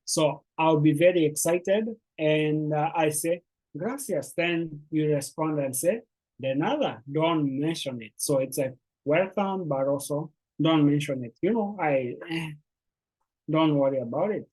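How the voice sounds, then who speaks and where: Slow, husky-voiced patient language teacher. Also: mid-range voice, darkish tone, rough recording. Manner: patient, repeats words slowly for learners; encouraging. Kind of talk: beginner language lesson.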